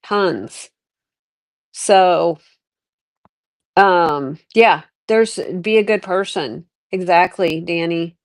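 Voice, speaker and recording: A woman's voice: fairly low pitch, very slow, long pauses, no echo. A middle-aged woman hosting a livestream, chatting candidly and rambling through her life story. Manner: rambling, candid, reflective, many restarts. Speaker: livestream host. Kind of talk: casual livestream chat.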